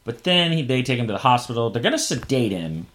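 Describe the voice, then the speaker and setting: A man co-hosting a podcast in casual chat, talking in an animated way with many fillers. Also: mid-range voice, quick pace. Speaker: podcast co-host.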